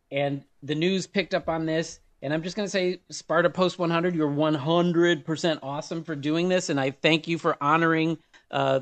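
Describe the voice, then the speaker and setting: Earnest, rambling male co-host. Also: on the high side. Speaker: podcast co-host. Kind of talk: casual podcast chat.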